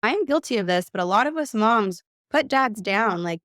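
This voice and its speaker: A woman coach and mother giving conversational advice, emphatic and quick to act out the voices she quotes. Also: on the high side, lively intonation, fairly bright tone, dry recording, studio quality.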